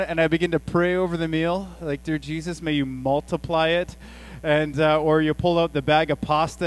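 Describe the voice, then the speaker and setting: A man in his forties preaching as a pastor, telling family stories in a chatty, conversational way with animated asides. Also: high-pitched, clear, resonant tone, low-quality recording. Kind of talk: sermon.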